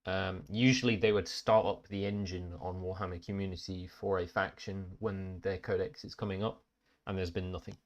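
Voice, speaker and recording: Deep-voiced blunt man on a podcast. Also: steady tone, normal speed, highs cut off. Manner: blunt, sweary, complaining about game rules. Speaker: podcast co-host. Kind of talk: casual chat.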